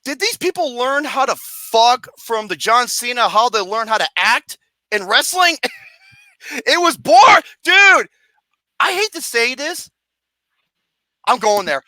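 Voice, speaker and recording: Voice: medium pitch, sing-song, unhurried, sharp tone, no room sound. A film reviewer ranting profanely and acting out scenes with mock wails and singing.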